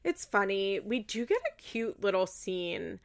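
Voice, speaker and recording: Woman, casual recap talk, vocal fry, chatty, swears now and then. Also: medium pitch, big pitch swings, unhurried. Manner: chatty, swears, many fillers.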